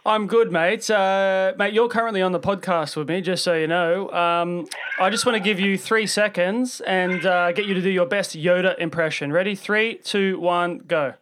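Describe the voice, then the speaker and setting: A man's voice: high-pitched, normal speed, few pauses, noisy background. A man co-hosting a podcast in casual, jokey chat, laughing often and trailing off mid-sentence. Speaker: podcast co-host.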